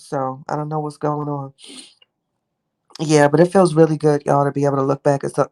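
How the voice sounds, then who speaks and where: A young woman rambles affectionately through a casual live chat, greeting her viewers by name as the livestream host. Her voice is low-pitched with a darkish tone.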